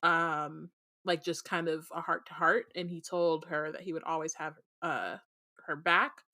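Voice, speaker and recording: Woman, podcast co-host, lower pitch, bright tone, dry close sound, chatty recap. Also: fairly even intonation, unhurried, dry recording. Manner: chatty, many fillers, laughs often. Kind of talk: casual book discussion.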